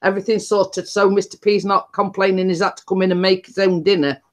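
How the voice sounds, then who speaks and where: A woman hosting a casual live-stream coffee morning, telling anecdotes in a relaxed, unhurried way. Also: mid-range voice. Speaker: host.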